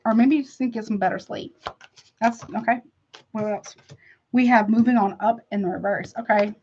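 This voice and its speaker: A woman's voice: fairly high pitch, steady tone, moderate pace, darkish tone, muffled recording, a little hiss or hum. A woman reading tarot in a casual livestream, chatty and frank, calling her viewers honey and baby with rambling asides. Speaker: tarot reader.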